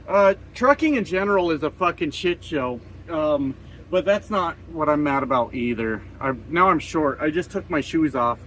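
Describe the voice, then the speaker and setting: A man in his forties grumbles and swears to his camera from a truck cab, sarcastic and fed up. His voice sits a little high for a man. A faint hum of vehicle noise runs underneath. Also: expressive, normal speed, fairly bright tone, low-quality recording. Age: 40s. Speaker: trucker vlogger. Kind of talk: casual vlog rant. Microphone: camera set up in front of him.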